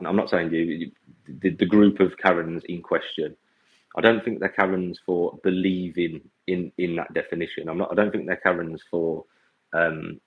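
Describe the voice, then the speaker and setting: Blunt low-voiced man on tinny audio. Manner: blunt, exasperated, repeats himself. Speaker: vegan coach and activist. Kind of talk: livestream rant to viewers.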